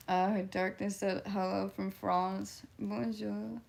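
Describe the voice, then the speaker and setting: A giggly woman in her twenties talks casually on a livestream, answering chat messages in a loose, chatty way. Her voice sits at an ordinary middle pitch for a woman. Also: a little slow, creaky, a little mellow. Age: 20s. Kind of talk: casual live-stream chat.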